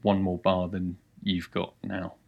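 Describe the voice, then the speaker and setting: A man guesting on a podcast, answering with dry, deadpan jokes in casual chat. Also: deep voice, unhurried, vocal fry, breathy edge, narrow, tinny audio. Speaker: podcast guest, comedy writer.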